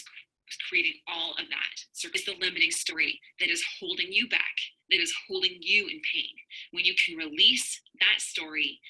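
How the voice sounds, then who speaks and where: A woman's voice: lowish voice, sharp tone, slightly rough, poor audio. A woman in her thirties, a marriage coach, speaking straight to viewers in an earnest, personal livestream talk. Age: 30s. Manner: earnest personal storytelling, addresses viewers directly.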